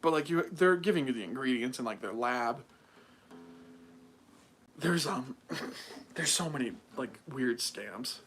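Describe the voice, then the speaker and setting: A man's voice: medium pitch, a little slow, pauses often, soft background music. A young man from the United States hosting his own livestream, chatting casually and rambling with lots of fillers. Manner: animated, mocking, rambling with many fillers. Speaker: livestream host.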